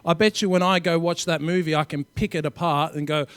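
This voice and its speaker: A man's voice: on the high side, steady tone, fairly quick, a bit bright, smooth, no room sound. An Australian man, a film director on a discussion panel, argues a point emphatically with lots of fillers.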